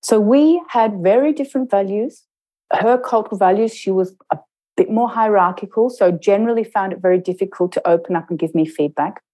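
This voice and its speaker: A middle-aged woman, an intercultural trainer, telling a personal story in a reflective interview and slowing down to stress her points. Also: mid-range voice, mellow, low-quality recording. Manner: measured, slows down to stress points.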